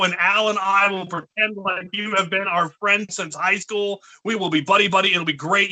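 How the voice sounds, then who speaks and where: Man, high voice, very bright tone, playful livestream co-host. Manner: playful, hams up a mock Russian voice. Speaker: charity stream co-host. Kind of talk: joking livestream chat.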